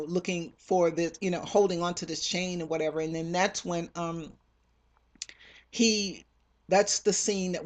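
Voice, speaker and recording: A novelist casually retelling scenes from their own stories, rambling with many fillers and restarts, and acting out characters' lines. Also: medium pitch.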